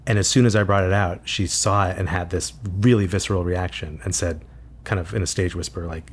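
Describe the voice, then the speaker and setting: Thoughtful low-voiced man, halting speech. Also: slightly rough. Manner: thoughtful, halting, with frequent restarts. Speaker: author guest. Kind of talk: reflective conversational interview.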